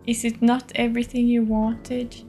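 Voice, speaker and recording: A woman's voice: on the high side, completely flat delivery, moderate pace, mellow, faint music behind. A woman live-streaming a video game, thinking aloud and answering her chat.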